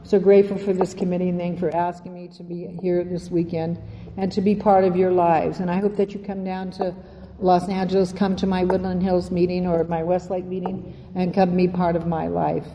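A woman's voice: on the low side, flat delivery, fairly quick, mellow, a little hiss or hum. An older woman giving a heartfelt, rambling share at a recovery meeting, speaking from a podium in a meeting hall. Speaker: Al-Anon speaker. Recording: echoey hall, faint ambience.

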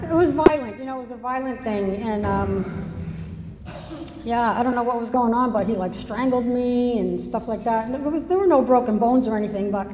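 A woman's voice: on the high side, moderate pace, noisy background. A woman from Massachusetts telling her own story in a candid, self-mocking, conversational way. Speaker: speaker sharing a recovery story. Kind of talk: personal testimony talk. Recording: echoey hall with long reverb.

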